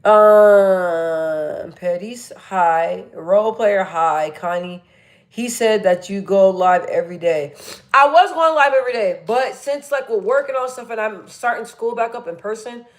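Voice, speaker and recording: A young woman chatting casually on a livestream, reading viewer comments aloud and laughing often. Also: medium pitch. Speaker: livestream host.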